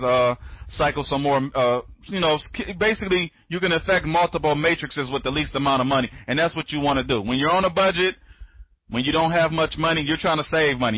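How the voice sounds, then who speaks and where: A man's voice: fairly high pitch, no echo. A sleepy man hosts an online training session, rambling and circling back to repeat his points. He restarts his sentences often and speeds up when he gets going. The sound is dry and muffled, like a cheap headset. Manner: talks fast when excited. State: sleepy, tired. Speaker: online training conference host. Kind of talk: casual live webinar talk. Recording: dry, dull lo-fi audio.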